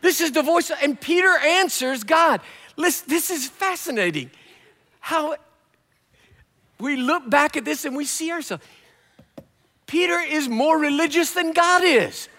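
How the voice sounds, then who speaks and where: A male guest preacher delivers a sermon with animated, humorous storytelling. His voice is high and bright, and it rings with the long echo of a large church hall. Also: unhurried, long pauses.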